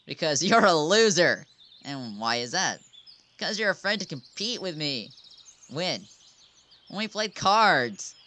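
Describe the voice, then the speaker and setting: A man's voice: sing-song, slow pace, pauses often, bright, forceful tone, full character voice. A man voicing an angry, mocking teenage girl in a game he is reading aloud. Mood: taunting. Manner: raised, higher reading voice. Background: background music.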